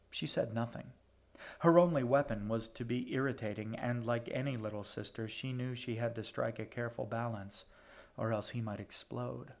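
Guy narrating a novel, calm even pacing, middle-pitched voice. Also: vocal fry. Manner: steady, measured storytelling. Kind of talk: audiobook narration.

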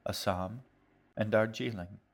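A man reading his own novel aloud as narrator, in a calm, measured way. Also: fairly low pitch. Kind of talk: audiobook narration.

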